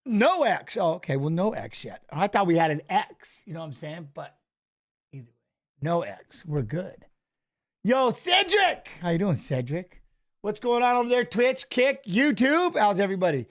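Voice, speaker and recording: A man's voice: sits high, lively intonation, normal speed. A man hosting a fight watch-along stream, greeting chat viewers by name in a loose, joking way and dropping into mumbled asides. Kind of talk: casual live-stream chat.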